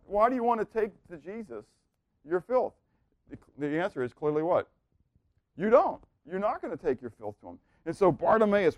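A man preaching a sermon, asking the room rhetorical questions and swinging from hushed, quiet lines to loud, excited ones. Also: a little high, dry recording, muffled recording. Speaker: pastor.

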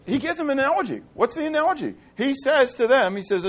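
A man's voice: very high-pitched, very animated, fast talker, hardly any pauses. A man preaching a sermon, asking rhetorical questions and repeating key phrases. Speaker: pastor.

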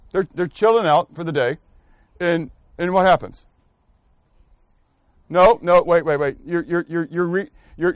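A high-pitched man leads an interactive scripture lesson, quizzing his class and calling on people by name as he thinks aloud and corrects himself. The studio-quality recording has no room sound.

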